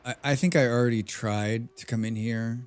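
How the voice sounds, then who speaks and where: In this casual gaming livestream, the streamer talks in a smooth, medium-pitched voice with a steady tone and moderate pace. He rambles as he plays, making jokes about himself.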